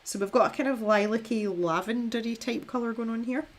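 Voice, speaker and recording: A young woman from Scotland chats as she paints on a live stream, her voice on the high side and a little fast. She rambles, makes fun of herself, and laughs a lot.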